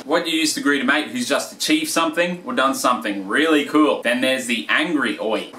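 A man's voice: mid-range voice, fairly quick, sharp tone, natural voice. Man doing a laid-back Australian bloke. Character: impression of a male Australian fighter, laid-back. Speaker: comedic presenter. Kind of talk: mock instructional comedy sketch. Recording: echoey room, distant mic, faint hiss.

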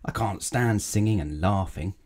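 A man voicing a grouchy grown man in a storybook reading, gruff and full of complaints. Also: deep voice, moderate pace, a little mellow. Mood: grumbling. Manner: gruff, grumbling. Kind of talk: storybook read-aloud.

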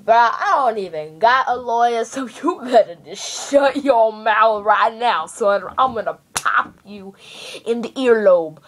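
A woman putting on a laid-back, slangy young male customer who rambles through a story in a low mumble. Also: measured pace, hardly any pauses. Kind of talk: homemade parody ad.

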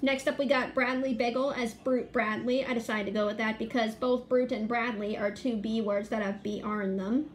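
Woman vlogger, excited and chatty, slightly high voice, casual walk-through of her artwork. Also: normal speed, hardly any pauses, a little hiss or hum. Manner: chatty and excited, listing details. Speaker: fan artist presenting her drawings. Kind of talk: casual video narration.

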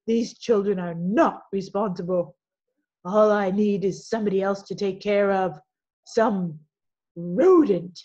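A woman's voice: medium pitch, steady tone, measured pace, mellow, muffled recording, natural voice. A woman voicing a middle-aged schoolteacher who coaxes her students and grumbles when annoyed. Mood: grumbling. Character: stern elementary teacher, middle-aged woman.

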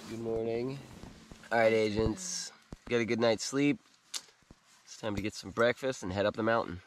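A man's voice: fairly low pitch, moderate pace, background noise. A middle-aged man hosting a casual outdoor adventure vlog, upbeat and chatty, talking to viewers on a camping trip and mountain trail. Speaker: vlog host.

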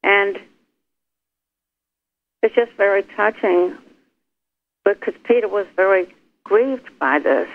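A man's voice: sits high, expressive, takes it slowly, pauses often. A man taking part in an informal Bible study discussion, speaking reflectively and a bit hesitantly. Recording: tinny phone line.

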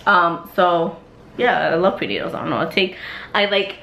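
A woman's voice: lowish voice, animated, normal speed, gravelly, a bit bright, echoey room, dull audio, a little hiss or hum. A pregnant woman vlogging in casual chat, giggly and rambling as she talks to her viewers at home.

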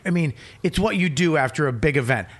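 A man's voice: fairly high pitch, animated, fast talker. A man hosting a casual comedy podcast, blunt and teasing, swearing freely as he talks.

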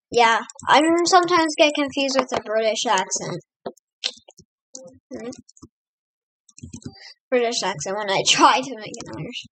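A woman's voice: a little high, a little slow, long pauses, fairly bright tone, slight background noise, poor audio. An American woman hosting a let's play, giving casual, rambling gameplay commentary and chatting to her in-game pets. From United States.

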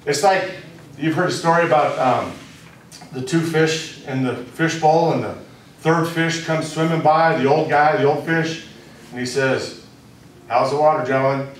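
A man giving a spiritual teaching to a small group, speaking deliberately and repeating key phrases for emphasis. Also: on the high side. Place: room with a live audience. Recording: very echoey room, distant mic, faint noise.

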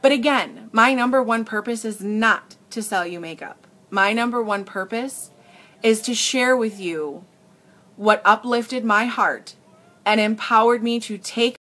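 A young woman with a fairly high, slightly bright voice talks a little slowly to her live stream viewers while selling makeup. She sounds earnest and emotional, often restarting her sentences, and is recorded through a tablet.

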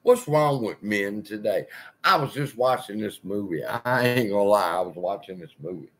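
Husky man on a heated, swearing rant. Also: lowish voice, lively intonation, normal speed, fairly bright tone. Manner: profane, heated ranting. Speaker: channel host. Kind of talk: personal rant to camera.

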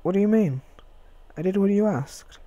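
Scared male hostage in a game, voiced by a man, high and loud, panicky pleading. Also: expressive, moderate pace, no echo. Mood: panicked. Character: frightened male captive begging for his life.

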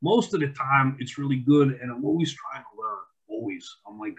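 Husky-voiced man telling a rambling story. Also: mid-range voice, fairly quick, highs cut off. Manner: rambling, repeats words, acts out quoted dialogue. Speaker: wildlife photographer and author. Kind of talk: casual interview storytelling.

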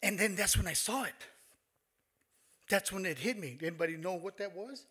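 A middle-aged man telling a personal story on a stage, halting and emotional, with many fillers and restarts. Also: high voice, expressive, pushed and bright, slightly rough. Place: stage in a performance hall.

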